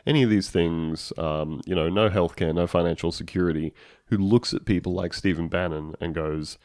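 Podcast co-host, male, low register, dry booth sound, sarcastic riffing. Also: moderate pace, dry recording. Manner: animated, sarcastic, acts out quotes. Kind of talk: casual political chat.

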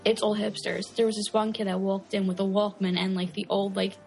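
A woman's voice: mid-range voice, little pitch movement, a little fast, gravelly, a little mellow, faint music behind. Chatty young woman rambling on podcast. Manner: rambling, lots of likes, laughing. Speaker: podcast co-host. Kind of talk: casual chat.

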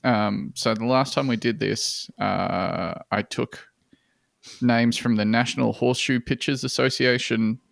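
A man's voice: mid-range voice, creaky, no echo, studio quality. A man co-hosting a casual comedy podcast, reading out a list of funny names and chuckling between them. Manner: reads out silly names with amused chuckles. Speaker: podcast co-host.

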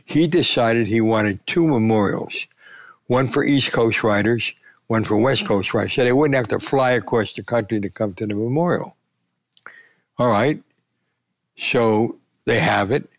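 An older man, a sportswriter, telling lively anecdotes in an interview and acting out the quotes. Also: mid-range voice, a little slow, no room sound. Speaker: sportswriter and columnist. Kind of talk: storytelling in a conversational interview.

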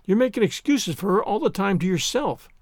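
A man's voice: sits high, very animated, dry recording, clean studio sound. A man reading a stern, no-nonsense spinster. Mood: scolding. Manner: brisk, scolding, no-nonsense. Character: stern, strict older spinster woman.

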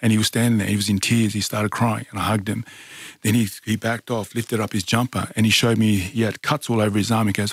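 Earnest man with a low voice. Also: little pitch movement, a little fast, husky, no echo, clean studio sound. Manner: earnest, many fillers and restarts. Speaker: podcast guest, fighter. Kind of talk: casual storytelling.

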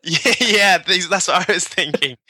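A man's voice: sits high, normal speed, pushed and bright, dry recording, clean studio sound. A man from southern England with a southern English accent, co-hosting a podcast in casual chat, joking and laughing often. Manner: laughs often, jokey, puts on silly voices. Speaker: podcast co-host.

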